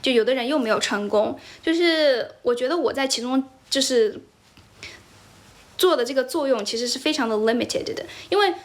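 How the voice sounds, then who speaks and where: Higher-voiced woman. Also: lively intonation, fairly quick. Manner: mixes Chinese into English, wry and candid. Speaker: English tutor livestreaming. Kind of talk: casual livestream chat.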